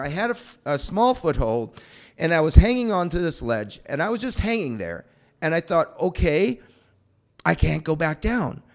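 A man telling a personal story aloud in an animated, breathless way. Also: fairly high pitch. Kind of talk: personal anecdote told aloud.

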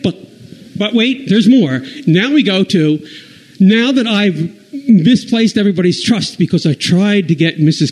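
A man telling a rambling, self-deprecating stand-up story with many halting restarts. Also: sits high, a little mellow, rough recording. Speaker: comedian.

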